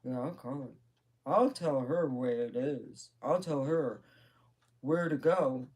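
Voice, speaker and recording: A woman doing a gruff, blunt dad. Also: a bass voice, takes it slowly, darkish tone, full character voice.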